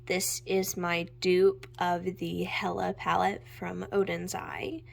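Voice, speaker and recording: A young woman chatting casually at home as she shows her makeup, gushing and sometimes dropping into a soft whisper. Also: fairly low pitch, little pitch movement, slow, vocal fry. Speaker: makeup vlogger. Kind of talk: casual chat while swatching makeup. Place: home room with natural light.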